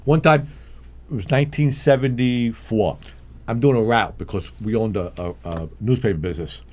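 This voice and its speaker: An older man's medium-pitched voice moves at an ordinary pace as he shares street stories as a guest in an easygoing conversation. Animated throughout, he acts out the voices of his characters and chuckles often.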